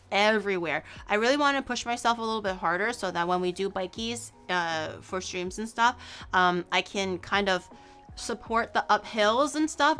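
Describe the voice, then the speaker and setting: Bright, playful young streamer woman. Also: medium pitch. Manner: rambling, playful, laughs often, teases chat. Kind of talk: casual live-stream chat.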